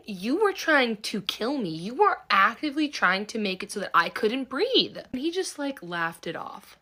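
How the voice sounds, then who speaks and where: A woman's voice: fairly high pitch, very animated, moderate pace, few pauses, bright, forceful tone. A young adult woman telling a dating story in a casual, profane, sarcastic way, acting out both sides. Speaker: storyteller host.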